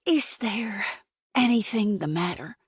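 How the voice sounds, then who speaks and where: A woman's voice: high voice, very slow, no echo, clean studio sound, voice pushed up. A woman voicing a pushy middle-aged pageant woman with a heavy Texas accent, speaking in a drawling, sugary, forced way. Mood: hushed, nosy.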